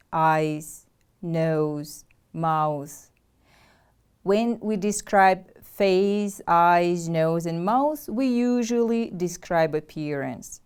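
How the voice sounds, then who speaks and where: A woman teacher from Kyrgyzstan with a Kyrgyz accent, giving a deliberate English vocabulary lesson and having pupils repeat words after her. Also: lowish voice, darkish tone, clear, resonant tone. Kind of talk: slow, clear classroom instruction.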